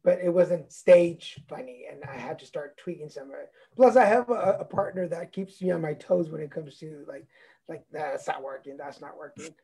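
A man's voice: on the high side, moderate pace, vocal fry, mellow, breathy edge, poor audio. A man hosting a podcast in a casual interview, reflective and encouraging as he searches for his words. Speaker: podcast host.

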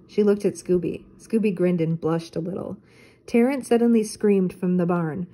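An older woman, a teacher, reading a children's storybook aloud in a steady, clear way. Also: fairly low pitch, moderate pace, slight background noise.

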